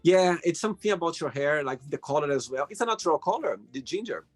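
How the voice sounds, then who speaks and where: A man hosting an interview over a call, asking questions in slow, searching phrases with fillers. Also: on the high side, expressive, faint music behind. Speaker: host.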